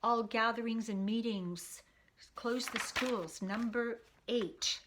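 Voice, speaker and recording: A woman's voice: a little high, takes it slowly, a bit bright, slight background noise. Chatty woman explaining history. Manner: chatty, reads old newspaper clippings aloud. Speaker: video host.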